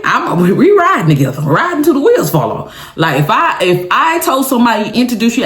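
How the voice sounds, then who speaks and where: Talking fast with hardly any pauses, this vlogger has a fairly high-pitched voice in a reverberant space. She's dramatic and animated as she tells her story straight to viewers, laughing a lot in casual chat.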